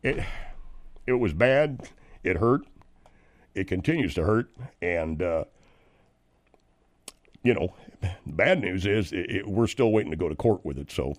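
A man voices an indignant, aggrieved suburban husband in a comedy bit, stammering and tripping over his own words as he complains. His voice sits low. The sound is close and dry. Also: expressive, a little slow, long pauses, no room sound. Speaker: host of a comedy segment. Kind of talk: comedic character monologue.

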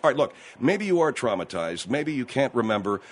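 A man's voice: mid-range voice, big pitch swings, brisk, slight background noise. A male radio host questioning a caller in a probing, skeptical way. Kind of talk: call-in radio conversation.

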